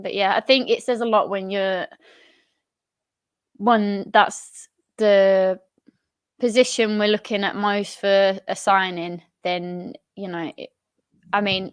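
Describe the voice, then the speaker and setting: A woman's voice: mid-range voice, clean tone, dry recording. Chatty woman, close dry mic. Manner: laughs often, lots of fillers. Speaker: podcast co-host. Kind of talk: casual football chat.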